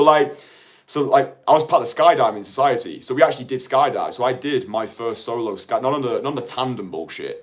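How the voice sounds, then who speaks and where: Man, late twenties, dating coach, casual rambling monologue, medium pitch. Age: late 20s. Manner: chatty, rambling, heavy use of "like".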